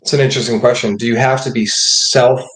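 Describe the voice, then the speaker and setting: A man's voice: medium pitch, fairly even intonation, a bit bright. Thoughtful male guest in a roomy echo. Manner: thoughtful, measured. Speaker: guest, rape crisis counselor. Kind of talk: interview answer.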